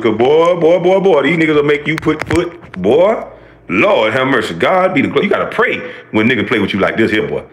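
A man's voice: mid-range voice, very animated, brisk. A man giving a heated, profane reaction commentary, ranting and preaching to his viewers.

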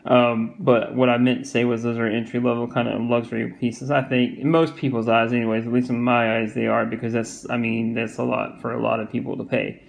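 Southern male reviewer, gravelly, flat delivery, rambling casual talk. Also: medium pitch, fairly quick, hardly any pauses, low-quality recording. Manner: rambling, repeats himself, many fillers. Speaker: watch reviewer.

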